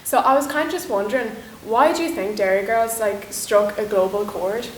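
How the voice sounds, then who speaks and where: A woman's voice: mid-range voice, normal speed. Woman interviewer in a roomy hall. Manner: brief encouraging replies, questions with fillers. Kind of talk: conducting a live interview. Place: lecture room in a university building. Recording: roomy lecture hall with faint hiss.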